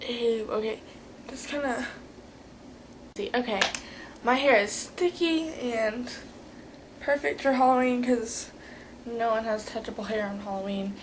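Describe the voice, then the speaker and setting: A woman's voice: fairly high pitch, measured pace, long pauses, background noise. A teenage girl giving a rambling, chatty vlog tutorial, full of fillers. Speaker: vlogger.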